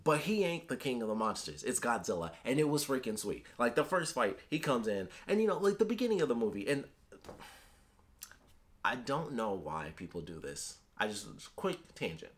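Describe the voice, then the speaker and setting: A man's voice: medium pitch, very animated, normal speed. A man giving a casual, chatty movie review, talking animatedly with lots of filler words.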